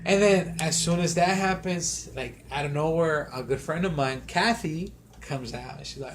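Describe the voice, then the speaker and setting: Animated storytelling man, higher voice. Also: normal speed, few pauses, slight background noise. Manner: animated storytelling, acting out his own thoughts. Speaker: podcast co-host. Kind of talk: casual chat.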